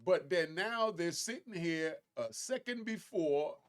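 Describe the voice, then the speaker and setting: Animated man commentating on clips. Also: unhurried. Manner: animated, rising to emphatic high pitch on key points; conversational, addresses viewers directly. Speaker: commentary host.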